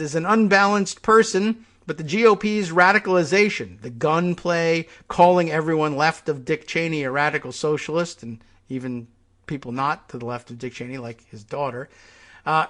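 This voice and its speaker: A man hosts a solo political commentary show, musing aloud with weary exasperation. His voice sits slightly high for a man, and he talks his way through each point. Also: fairly bright tone. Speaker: host.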